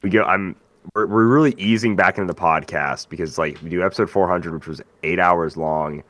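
A man's voice: deep voice, brisk, a bit bright, dry recording. A man hosting a podcast, chatting in an easygoing, jokey way. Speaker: podcast host. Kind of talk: casual podcast chat.

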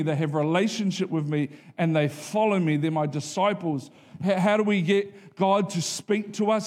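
A man delivers a sermon in a relaxed, storytelling way, his voice sitting a little higher than most men's. He mixes plain teaching with self-deprecating anecdotes and rhetorical questions. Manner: conversational storytelling preaching, self-deprecating humour. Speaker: pastor.

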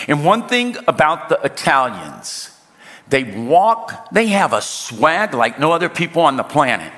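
Animated storytelling preacher in a big hall. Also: male voice, a little high. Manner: storytelling with humor, emphatic slowdowns. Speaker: pastor. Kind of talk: sermon. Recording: reverberant hall.

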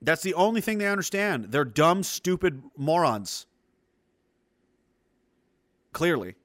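A man delivering a heated, profane monologue of political commentary, emphatic and fast to anger. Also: fairly high pitch, very animated, a bit bright, no room sound, studio quality. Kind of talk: ranting monologue.

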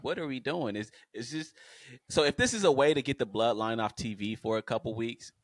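A man's voice: mid-range voice, lively intonation, fairly quick, dry recording. A man co-hosting a podcast in casual chat, emphatic and exasperated, firing off rhetorical questions. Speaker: podcast co-host.

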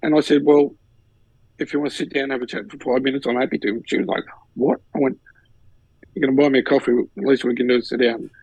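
A man's voice: mid-range voice, fast, husky, dry recording, rough recording. An Australian man co-hosting a podcast, telling a personal story in casual chat and acting out what others said. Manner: animated storyteller, acts out others' lines. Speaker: podcast co-host.

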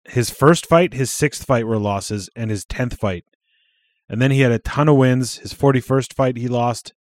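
A man with a mid-pitched voice chatting casually on a podcast. He swears freely and often trails off mid-sentence. The sound is close and dry. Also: moderate pace, no room sound. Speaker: podcast co-host. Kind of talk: casual chat.

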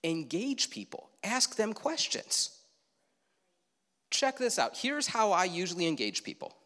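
A man's voice: sits high, very animated, a little slow, pushed and bright, in a large hall. A man preaching a sermon from the pulpit in a conversational way, asking his listeners questions and adding asides. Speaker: pastor. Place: church sanctuary.

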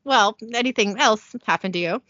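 A woman's voice: medium pitch, normal speed, bright, forceful tone, dry recording, muffled recording, close to an everyday voice. Woman reading as a cocky male monster hunter. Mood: wry.

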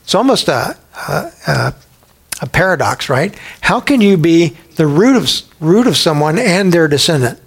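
A man's voice: on the high side, very animated, normal speed, slightly rough. A man preaching a sermon as pastor, speaking emphatically and firing rhetorical questions at the congregation.

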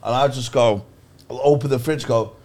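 A man's voice: mid-range voice, moderate pace, a little mellow. A young man telling a sweary, self-mocking story as a podcast co-host, laughing often. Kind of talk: casual storytelling chat.

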